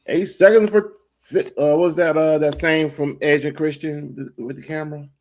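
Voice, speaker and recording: A man's voice: fairly high pitch, fairly even intonation, moderate pace, darkish tone. A man co-hosting a podcast in casual banter, teasing his friend and swearing freely. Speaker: podcast co-host.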